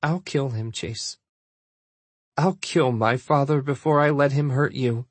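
A man voicing a defiant young shifter princess in an audiobook, talking firmly with a husky voice. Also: fairly high pitch, lively intonation, moderate pace, dry recording. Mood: resolute. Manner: firm, defiant, rising to outrage. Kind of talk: audiobook character voice.

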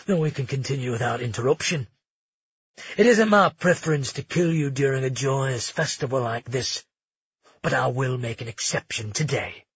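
A man voicing a grim, vengeful young male warrior in an audiobook, low, curt and menacing. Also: normal speed, a bit bright, slightly rough, dry recording, lo-fi sound.

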